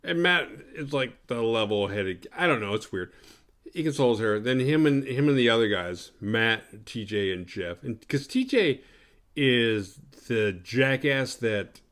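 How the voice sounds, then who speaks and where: Man, mid-pitch, hosts a horror review show; loose, profane, sarcastic recap. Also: expressive, a little slow, fairly bright tone. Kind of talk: casual movie recap.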